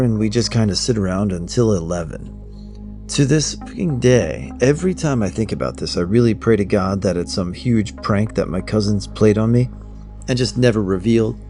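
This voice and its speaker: Low gravelly man narrating horror. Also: a little mellow. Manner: blunt, profane, conversational telling. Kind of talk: first-person horror story narration.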